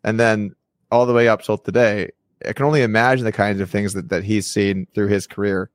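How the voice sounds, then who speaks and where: A man's voice: fairly low pitch, little pitch movement, fairly quick, no echo, clean studio sound. A man hosting a casual chat, telling stories and stumbling over his words now and then. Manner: storytelling, stumbles and repeats words. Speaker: podcast host.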